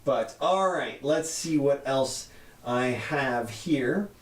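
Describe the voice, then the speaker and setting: A man co-hosting a casual political chat show, animated and sarcastic, talking in quick bursts. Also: mid-range voice. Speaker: co-host. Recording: roomy echo.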